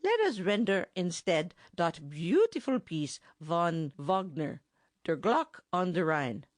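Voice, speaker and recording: A woman's voice: on the low side, sing-song, slow pace, no room sound. A woman voicing a bossy, pompous middle-aged German bandmaster who speaks mangled English with a thick German accent, in a dry audiobook recording. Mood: blustering. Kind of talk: audiobook character voice.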